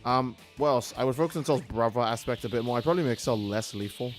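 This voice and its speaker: A man's voice: medium pitch, fast talker, soft background music. A man streaming a video game who rambles casually and swears freely in his commentary. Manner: rambling and profane, acting out characters' lines. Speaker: gaming streamer.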